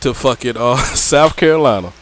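A young man, telling animated, profane stories with friends on a podcast. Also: medium pitch, moderate pace. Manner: animated, laughing, profane, slangy, lots of "right?". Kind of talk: casual storytelling chat. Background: friends talking in the background.

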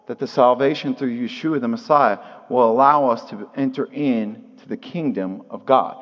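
A man preaching a sermon at a Shabbat service, earnest, repeating key phrases and asking rhetorical questions. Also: mid-range voice. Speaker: pastor teaching at a Shabbat service. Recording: long hall reverb, dull lo-fi sound.

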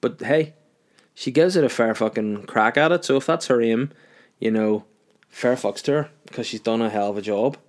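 Tipsy podcast host. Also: male voice, medium pitch, moderate pace. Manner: rambling, sweary, cheeky. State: tipsy from a few wines. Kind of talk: casual solo podcast chat.

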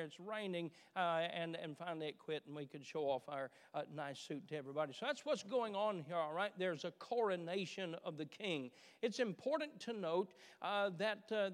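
A man preaches a sermon, his voice high and smooth. He talks in animated bursts, full of uh and repeated starts, and asks the congregation questions. A long church-hall reverb trails behind every word. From Kentucky, USA. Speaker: pastor. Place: church sanctuary.

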